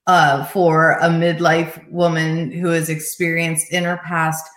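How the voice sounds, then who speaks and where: Earnest woman coach, lowish voice, echoey room. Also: level tone, slow. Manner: earnest, reflective, with soft laughs. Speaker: life coach, guest. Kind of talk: conversational interview storytelling.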